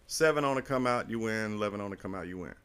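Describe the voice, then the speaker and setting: A middle-aged man with a slightly low voice tells a rambling story in casual talk. He is animated and profane, and he keeps circling back to make his point. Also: fast talker, clean tone.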